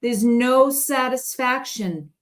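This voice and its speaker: A woman's voice: high-pitched, slow. A woman guest in casual conversation, telling stories in a chatty way and laughing often. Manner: chatty storytelling with frequent laughs.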